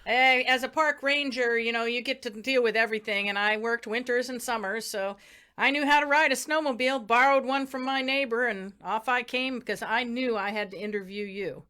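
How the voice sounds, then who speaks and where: A woman's voice: fairly high pitch, a little fast, bright, forceful tone, clear, resonant tone. A woman improvising an eager, folksy young news reporter who fills her talk with "you know". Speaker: improv performer. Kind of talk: improvised comedy scene.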